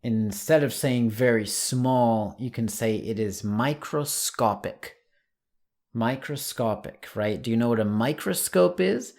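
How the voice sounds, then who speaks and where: A man teaching an English lesson online, saying example words slowly and clearly. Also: mid-range voice, a little mellow.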